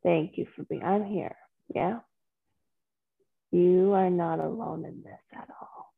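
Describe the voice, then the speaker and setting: Woman coach, gravelly and husky, affirming, encouraging, on a thin phone-like call line. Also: lowish voice, fairly even intonation, slow, no echo. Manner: warm, affirming, encouraging, uses pet names. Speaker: transformational coach. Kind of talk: coaching a group on a video call. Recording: phone-like video call audio.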